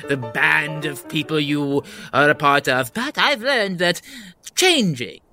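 Woman player, low tone, bright and forceful, faint music. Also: animated, slow pace. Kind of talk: casual tabletop game play.

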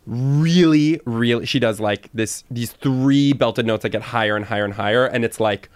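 A man co-hosting a comedy podcast, talking casually and enthusiastically, full of "like" and quick restarts. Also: medium pitch, clear, resonant tone, no room sound. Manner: chatty, full of "like" and restarts, gets emphatic. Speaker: podcast co-host.

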